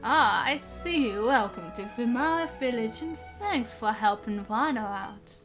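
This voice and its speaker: A kindly old village grandfather fusses over his wandering granddaughter, as a woman streamer puts on a deeper old man voice. He talks slowly and warmly, his pitch rolling up and down. Clear game music plays underneath. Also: expressive. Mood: fatherly. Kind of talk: reading game dialogue aloud in character.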